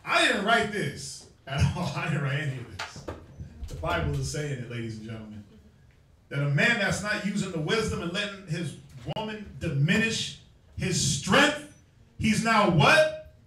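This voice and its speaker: A man's voice: fairly high pitch, animated, moderate pace, pushed and bright. A man preaching to a crowd, firing questions at them in a call-and-response Bible teaching. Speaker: street preacher. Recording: echoey space, far from the mic.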